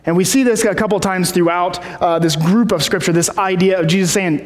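A man's voice: high-pitched, brisk, few pauses. A man preaching a casual sermon, rambling with many fillers and restarts, heard in a large hall.

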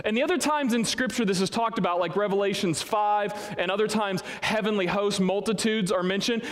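A man preaching a sermon to his congregation, animated and conversational, recorded in a church hall. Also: high voice. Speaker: pastor. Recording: long hall reverb.

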